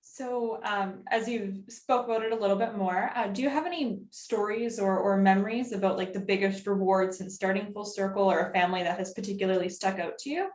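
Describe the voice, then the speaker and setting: Woman cohost asking questions, mid pitch voice, echoey room. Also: steady tone, fairly quick, hardly any pauses, a little mellow. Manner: asks questions with fillers. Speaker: podcast co-host. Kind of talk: interview questions. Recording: roomy echo.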